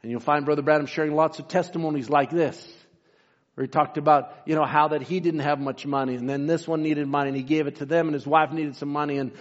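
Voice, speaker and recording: A man's voice: on the high side, fairly even intonation, fast. Fervent preacher man, lo-fi recording. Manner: fervent, rising and falling emphasis. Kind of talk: sermon with read-aloud quotes. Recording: dull lo-fi sound.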